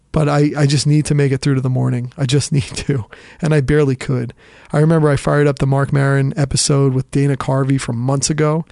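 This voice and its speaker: A man's voice: fairly high pitch, creaky, a little mellow, no room sound, clean studio sound. A man hosting a podcast, telling a long story in a rambling, self-deprecating way with lots of fillers and restarts, a little under the weather with a cough. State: sick with a cough. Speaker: podcast host. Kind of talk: casual storytelling monologue.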